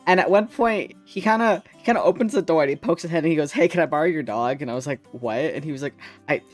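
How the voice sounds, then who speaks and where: Guy telling a goofy story on stream, lots of swearing, music low behind. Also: fast. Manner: animated storyteller, swears freely. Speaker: streamer guest. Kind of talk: casual chat.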